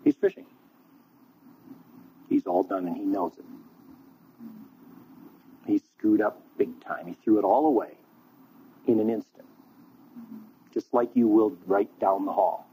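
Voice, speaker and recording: A man preaching a sermon, telling a story in an animated, conversational way. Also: on the low side, measured pace, pauses often, slight background noise. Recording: tinny phone-like line.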